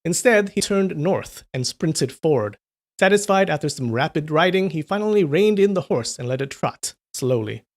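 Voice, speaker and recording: A man reads a novel aloud on a livestream and breaks off to chat casually with viewers. His voice is slightly high and relaxed, easygoing between passages. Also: normal speed. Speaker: livestream storyteller.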